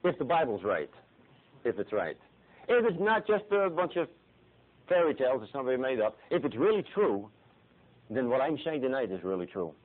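A middle-aged man preaching a sermon dramatically, swinging from soft, hushed passages to pleading cries and repeating his phrases. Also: medium pitch, sing-song, fairly quick, pauses often. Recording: tinny phone-like lo-fi recording.

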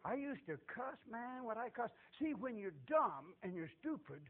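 An older man giving a folksy testimony sermon, animated and repetitive, chuckling as he tells it. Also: very high voice, normal speed, narrow, tinny audio. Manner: animated, repetitive, laughs while telling.

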